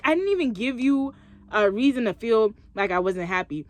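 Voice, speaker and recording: A woman's voice: fairly high pitch, very animated, normal speed. A young woman vlogging, chatting expressively as she tells a story and acts out what others said. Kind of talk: casual storytelling to camera.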